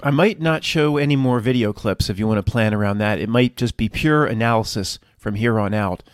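A man's voice: fairly low pitch, a little fast, no echo, studio quality. A man giving casual video commentary in an earnest, emphatic way, laying out a theory.

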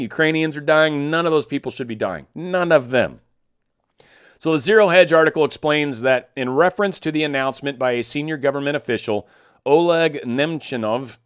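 A man's voice: medium pitch, clear, resonant tone, dry recording, clean studio sound. A man hosting casual news commentary, reading stories and tossing in sarcastic asides, stumbling over foreign names. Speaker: political commentary host.

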